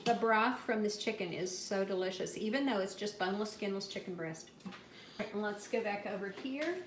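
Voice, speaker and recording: A middle-aged woman giving a chatty, upbeat cooking demonstration and product pitch, talking straight to her viewers from a home kitchen. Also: a little fast, reverberant, far from the mic, slight background noise. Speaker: cooking demonstrator and sales consultant.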